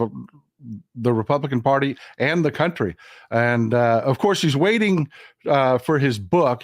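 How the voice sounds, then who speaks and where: A man's voice: mid-range voice, dry recording, studio quality. A man hosting a casual political chat show, talking conversationally with plenty of fillers. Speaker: podcast host.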